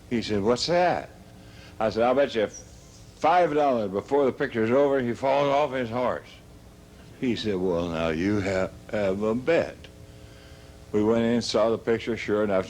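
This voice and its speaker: An older man telling comic stories in a slow, halting way, stumbling and restarting his words. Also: lowish voice, a little mellow, a little hiss or hum. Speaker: comedian. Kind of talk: stand-up storytelling.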